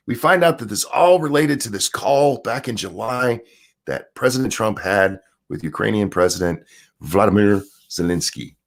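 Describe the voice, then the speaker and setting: A man ranting casually on a livestream about politics, sarcastic and profane, often restarting his sentences. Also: mid-range voice. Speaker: political commentary streamer.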